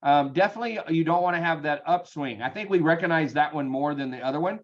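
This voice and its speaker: A man leading a sales team meeting, energetic and chatty, with frequent ums, over a video call. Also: a little high, fast talker, highs cut off. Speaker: real estate team leader.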